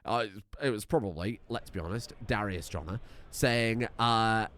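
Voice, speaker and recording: This British gaming streamer, from the United Kingdom, talks through a let's play at his home desk, cracking jokes and swearing along the way. His lowish voice is a bit bright and keeps a measured pace.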